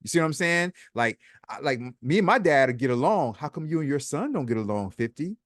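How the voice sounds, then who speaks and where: A man's voice: fairly high pitch, sing-song, fairly quick, no room sound, studio quality. A man hosting a casual commentary vlog, chatty and sarcastic, reading posts aloud and adding his own comments. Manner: chatty, sarcastic, repeats himself. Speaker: host.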